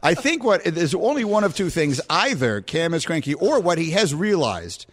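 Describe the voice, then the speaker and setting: Middle-aged guy hosting sports radio, teasing then musing, voice bouncing all over, a bit high. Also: big pitch swings, moderate pace, a bit bright. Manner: teasing, then reflective and wordy. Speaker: radio show host. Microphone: studio microphone.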